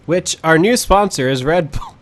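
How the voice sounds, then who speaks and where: A man's voice: on the high side, animated, normal speed. A young man co-hosting a casual late-night gaming podcast, swearing often and sounding tired and yawning. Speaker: podcast co-host.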